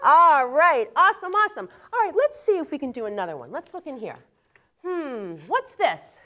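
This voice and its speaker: High, lively woman leading kids' yoga. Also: normal speed. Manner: playful and encouraging, sings and counts for the kids. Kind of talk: leading a children's yoga class on a TV show.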